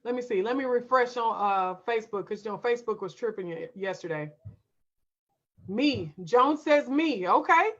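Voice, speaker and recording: A woman's voice: on the high side, expressive, normal speed, dull audio. Emphatic woman hosting a live stream. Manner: emphatic, direct, addresses viewers as y'all. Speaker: homeschool coach and live-stream host. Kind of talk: live-stream talk reading viewer comments.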